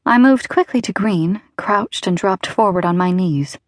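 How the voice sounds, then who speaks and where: Brief: female audiobook narrator, wry and even first-person read, close dry studio sound. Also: medium pitch, unhurried, no room sound. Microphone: close studio mic.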